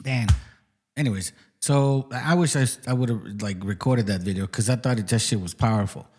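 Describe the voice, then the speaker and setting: A man talks through clips he is playing for his viewers. His speech is casual and profane, and it turns combative as he lectures them. His voice sits at an ordinary pitch. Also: moderate pace, a little mellow. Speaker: channel host. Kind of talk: casual reaction commentary.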